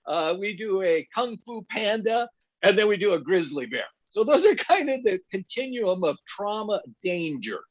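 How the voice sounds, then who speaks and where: Here the guest pastor and counselor, a middle-aged man with a high voice, talks at normal speed. He teaches in a conversational style, animatedly telling personal stories and poking fun at himself with laughter. It's a dull, dry lo-fi recording.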